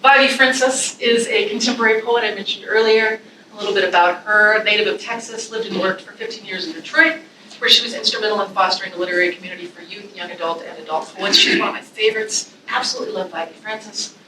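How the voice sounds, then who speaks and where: Woman, college English instructor, classroom talk and poetry reading, emotional and expressive, bright tone, distant mic. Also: mid-range voice, fast talker, slight background noise. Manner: expressive, emotional, chatty asides with fillers. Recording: echoey room from a distance.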